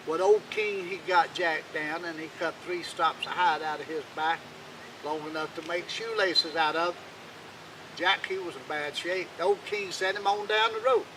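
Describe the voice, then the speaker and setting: A man telling an old folk tale in a folksy, unhurried, dialect-rich way. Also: fairly high pitch, pushed and bright, slight background noise, rough recording. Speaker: storyteller.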